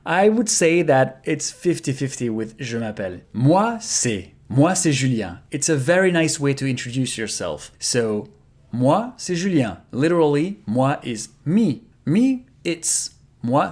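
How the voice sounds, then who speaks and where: Quebecois guy teaching basics, says each phrase over and over real slow. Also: mid-range voice, a little mellow. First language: French. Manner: slow, careful repetition of example phrases. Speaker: French teacher. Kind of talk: casual language lesson.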